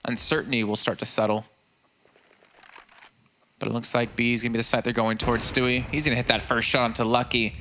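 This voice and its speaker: A man commentating live on an esports match in a measured, analytical way. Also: mid-range voice, flat delivery, sharp tone, slight background noise.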